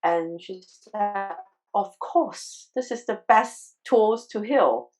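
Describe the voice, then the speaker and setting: Earnest, halting woman sharing a story. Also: medium pitch, darkish tone, faint music behind, low-quality recording. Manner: earnest, emotional, halting with frequent restarts. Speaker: guest, crystal healer. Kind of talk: personal storytelling in a conversational interview.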